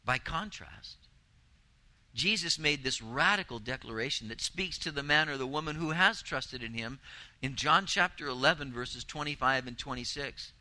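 Bright-voiced man preaching emphatically. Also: mid-range voice, animated, moderate pace, low-quality recording. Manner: earnest, emphatic preaching with rising intensity and repeated phrases. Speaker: pastor. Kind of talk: sermon.

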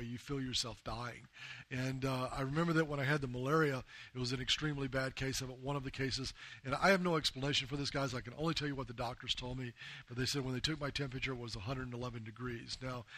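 A man's voice: mid-range voice, sharp tone, no echo. A man from the United States giving an earnest personal testimony as a missionary to a group of men, often calling them "guys". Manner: earnest storytelling, often addressing the listeners as "guys". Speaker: missionary speaking to a men's group.

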